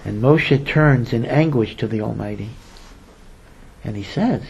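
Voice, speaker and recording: A rabbi gives a Torah sermon, and the man tells it as a story. He repeats words for emphasis and briefly takes on the voices of the people he quotes. His pitch sits in an ordinary middle range for a man. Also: a little slow, gravelly, long pauses, husky, highs cut off. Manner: acts out quoted speakers.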